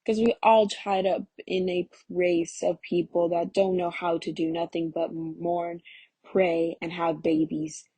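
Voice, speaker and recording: A woman's voice: fairly low pitch, level tone, unhurried, mellow, breathy edge, dry recording. A woman voicing a bitter, fed-up husband. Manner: angry, sneering, raised voice. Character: bitter, restless young husband, grown man.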